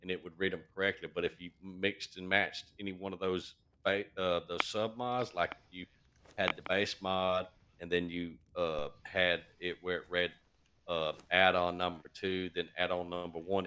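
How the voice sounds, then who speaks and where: Man with a very low voice, casual gamer explaining step by step, hesitant. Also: steady tone, bright, forceful tone, clean tone. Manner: halting, lots of uh and um. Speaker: fellow gamer on voice chat.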